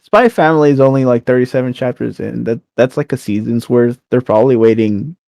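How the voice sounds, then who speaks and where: A young man co-hosting a podcast in casual chat, relaxed and recapping stories with fillers. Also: mid-range voice, fairly quick, gravelly, no echo. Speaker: podcast co-host.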